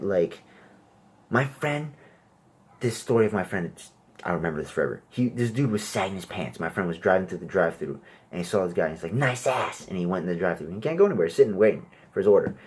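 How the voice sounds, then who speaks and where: A young man performing a crude stand-up comedy set, brash, and loudly acting out little exchanges. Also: low voice, animated, quick pace, slightly rough. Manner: crude, brash, acts out exchanges in raised voices.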